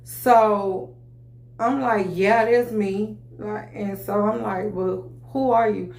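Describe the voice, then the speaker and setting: A woman's voice: medium pitch, fairly even intonation, takes it slowly, a little mellow. A woman tells her story casually and with feeling. Her mid-range voice keeps stopping and restarting, with "you know what I'm saying" in nearly every breath. The room around her is bare and echoey. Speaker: vlogger telling her story.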